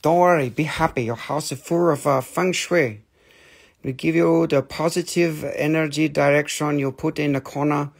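Pushy crystal seller with a mock Chinese accent, a man putting it on; clipped sales patter, gravelly. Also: on the high side, steady tone, normal speed. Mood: salesy. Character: pushy middle-aged male crystal seller, broken English.

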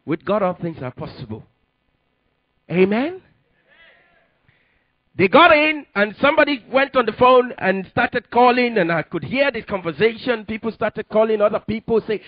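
A man preaching a sermon and telling his testimony, with emphatic delivery that rises to sudden loud peaks. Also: sits high, expressive, normal speed, no echo, muffled recording. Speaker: pastor.

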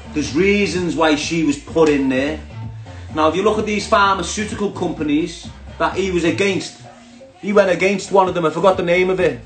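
Scouse fella ranting and swearing, mocking everyone, kinda high voice, bit of music behind. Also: male voice. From Liverpool, England. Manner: sweary, mocking, laughs at his own jokes. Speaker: online commentator. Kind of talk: casual rant to viewers.

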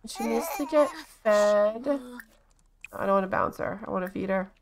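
A woman giving casual let's-play commentary, chatty and bossing her game characters around with quick exclamations. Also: medium pitch, lively intonation, pushed and bright, a little hiss or hum. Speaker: gaming channel host.

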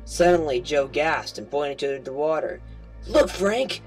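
A man's voice: medium pitch, fairly even intonation, normal speed, poor audio. A man reading a novel aloud as an amateur audiobook, stumbling and correcting himself as he goes. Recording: home recording with faint music.

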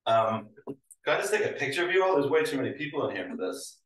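A man, originally from Hungary, giving an academic talk with halting delivery and many fillers, sometimes emotional. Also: mid-range voice, big pitch swings, fairly bright tone. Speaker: lecturer. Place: lecture room with audience. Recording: roomy sound, mic at a distance.

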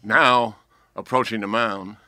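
Brief: a man in his seventies putting on a big stadium PA announcer, slow and echoing, New York accent, bright ring. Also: lowish voice, steady tone, exaggerated voice. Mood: grand. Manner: drawn-out reverberating announcement. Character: booming male stadium announcer.

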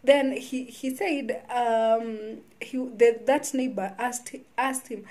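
A woman telling her own life story in a vlog, halting and often restarting her sentences. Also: a little high, fairly even intonation, mellow. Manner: halting, with frequent restarts and repeated words. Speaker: vlogger.

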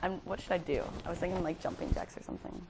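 A woman's voice: lowish voice, sing-song, fast, vocal fry, background noise. A young woman directing and hosting an improvised home-video skit, giggly and bossy. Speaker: skit host.

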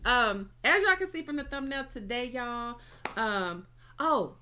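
A woman's voice: fairly high pitch, big pitch swings, unhurried, pushed and bright, slight background noise. Chatty sounding woman vlogger. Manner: chatty, says "y'all" and "okay" often. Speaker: reaction video host. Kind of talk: casual vlog chat to camera.

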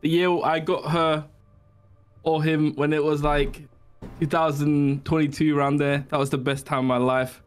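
A man gives a joking eulogy with a deadpan delivery. His voice is a bit high and nearly monotone. Soft music plays underneath. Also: normal speed, clear, resonant tone. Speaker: eulogy speaker.

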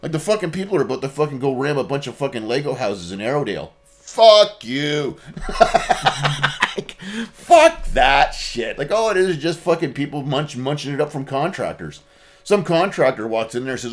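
A man speaks as a podcast guest, his pitch swinging widely as he rants. He swears in nearly every sentence, in an everyday mid-range voice. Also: expressive, normal speed. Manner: profane, ranting. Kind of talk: casual podcast chat.

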